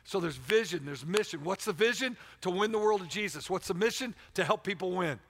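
A middle-aged man preaching a sermon as pastor, swinging between loud exhortation and quiet storytelling. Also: sits high, expressive, brisk, slightly rough. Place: church sanctuary. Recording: long reverb of a large hall.

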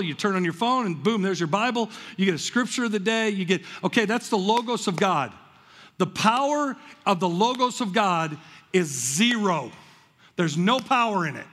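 A man with a high, husky voice preaches to his congregation, spinning animated stories and stumbling over repeated words as he builds his point. His voice rings out with a long reverb tail, as if recorded in a large church hall. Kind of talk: energetic sermon with stories.

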